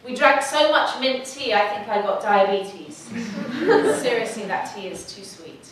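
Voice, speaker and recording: A woman's voice: on the high side, unhurried, a crowd in the background. Woman storytelling in an echoey hall. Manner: lively, humorous storytelling. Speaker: speaker. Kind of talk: storytelling talk. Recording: echoey hall, mic from far off.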